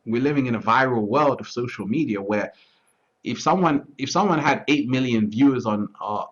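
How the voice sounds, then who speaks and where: A man talking through his thoughts in a relaxed, reflective conversation, often restarting and asking whether he is understood. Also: mid-range voice, normal speed. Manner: repeats words, restarts often, asks "you see what I'm trying to say". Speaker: interview guest. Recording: dull lo-fi audio.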